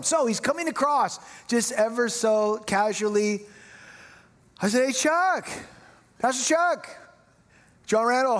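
A middle-aged man preaching a sermon, telling self-mocking stories in an animated way. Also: high voice. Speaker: pastor. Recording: long hall reverb.

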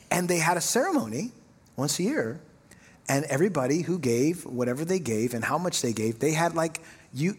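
A middle-aged man preaching a sermon, telling self-mocking stories in an animated way. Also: on the high side, slightly rough. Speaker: pastor. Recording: long hall reverb.

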